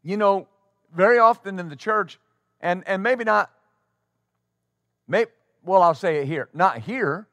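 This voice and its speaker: A male pastor preaching a sermon to his congregation in a church, talking conversationally and then breaking into loud exclamations. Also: high-pitched, measured pace, long pauses, no room sound. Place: church sanctuary before a congregation.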